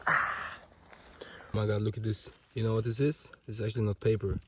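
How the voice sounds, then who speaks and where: Brisk yet prone to long pauses, a Norwegian man with a fairly low voice and Norwegian accent films a casual walking vlog in a forest on a hot day. He's excitable and gushing, rambling along with lots of fillers.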